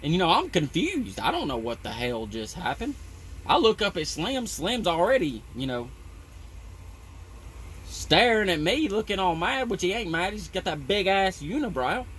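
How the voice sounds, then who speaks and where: A man's voice: sits high, very animated, normal speed, a bit bright, a little hiss or hum. A man who works on a tree-trimming crew, telling a story in a rambling, profane way with lots of "you know". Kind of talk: casual storytelling.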